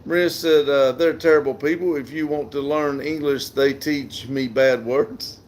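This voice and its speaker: This is a Southern man in middle age, chatting on a livestream from outside. His voice sits a little high for a man, and he reads viewer messages aloud in an easygoing, talkative way, chuckling often. Faint outdoor noise hums in the background. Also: fairly even intonation, moderate pace. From southern United States. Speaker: livestream host reading chat. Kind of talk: casual live chat.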